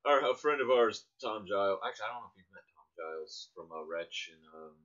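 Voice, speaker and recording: Lively, bright-voiced man telling stories. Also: on the low side, fast. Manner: animated storyteller, laughs often. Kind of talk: casual anecdote telling. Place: small one-room apartment. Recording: dull lo-fi radio recording.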